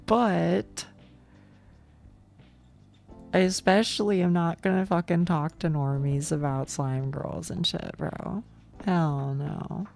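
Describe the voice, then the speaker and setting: Low-voiced gravelly woman streamer. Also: steady tone, slow pace, long pauses, darkish tone, soft background music. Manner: rambling, self-interrupting, laughs often, swears casually. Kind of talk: casual chat with viewers.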